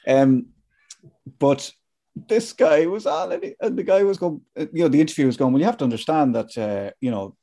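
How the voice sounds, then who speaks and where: A man's voice: fairly high pitch, big pitch swings, brisk, dark tone. A man from Ireland hosting a podcast in casual chat, joking, opinionated and swearing freely. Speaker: podcast host.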